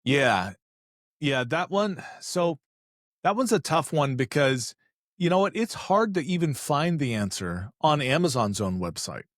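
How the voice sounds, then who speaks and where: A man chatting on a business podcast as an e-commerce expert, telling animated stories and acting out voices with joking asides. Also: on the high side, measured pace, dry recording, studio quality. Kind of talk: casual podcast conversation.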